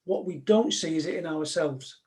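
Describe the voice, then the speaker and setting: A man's voice: a little high, normal speed, a little mellow. Direct man giving a talk. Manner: direct, anecdotal, conversational. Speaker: speaker, former police negotiator. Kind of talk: live motivational talk to an audience.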